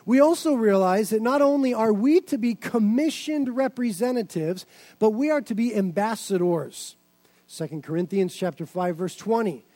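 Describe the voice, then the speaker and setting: Very high-voiced man preaching a sermon. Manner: emphatic preaching, rising to excited shouts. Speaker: pastor.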